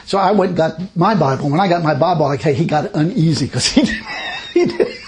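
A man's voice: a little high, lively intonation, fast talker, slight background noise. A man preaching a sermon, telling stories in a folksy, chuckling way. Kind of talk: sermon with personal storytelling.

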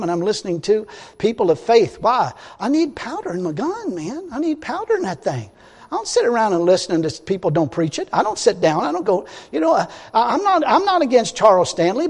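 A man with a notably high voice preaches a blunt, folksy sermon, swinging from quiet asides to loud outbursts. His voice carries a long reverb, as if in a large church sanctuary. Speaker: pastor.

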